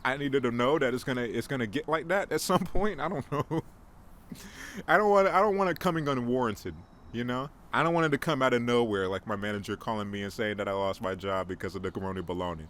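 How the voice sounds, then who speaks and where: A young male podcast host, alone on a casual show, speaks quickly in a mid-range voice with a fairly bright tone. His style is rambling and joking, self-mocking, with many restarts. Faint background noise is audible.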